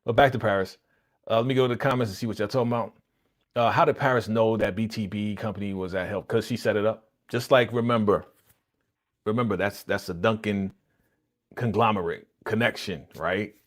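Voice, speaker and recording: A man's voice: on the low side, steady tone, fairly quick. A man hosting a live reaction stream, chatting casually in slang and acting out characters' lines as he retells the episode. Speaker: livestream host reacting to a TV episode.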